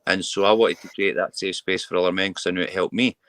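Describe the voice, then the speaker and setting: A Scottish man with a deep, low-pitched voice talks with open, earnest feeling. He often restarts and repeats words as he pushes his point. The sound is dry and close, with no room echo. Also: fairly even intonation, quick pace, a bit bright. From Scotland. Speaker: mental health campaigner, guest. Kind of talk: candid interview talk.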